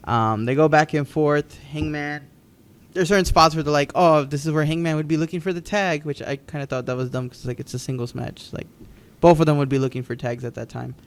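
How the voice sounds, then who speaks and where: A man's voice: on the high side, steady tone, a little fast. Rambling man recapping wrestling. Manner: rambling, many ums and restarts. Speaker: podcast co-host. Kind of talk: casual wrestling recap chat.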